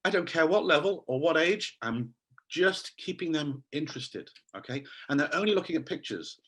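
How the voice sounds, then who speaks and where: A man leading an online teacher training session over a video call, enthusiastic and animated as he quizzes his audience. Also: on the high side, normal speed, husky. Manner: quizzes the audience, reads names from chat.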